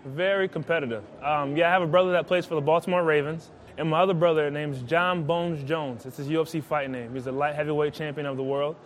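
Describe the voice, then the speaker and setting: A man's voice: fairly high pitch, steady tone, fast talker, hardly any pauses, slight background noise. A man, a football player, answering interview questions in a matter-of-fact way.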